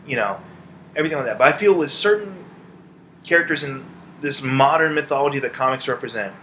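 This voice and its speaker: A man reviewing a film in a casual, animated way, exasperated and swearing, with laughing asides. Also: a little high, slight background noise. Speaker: movie reviewer.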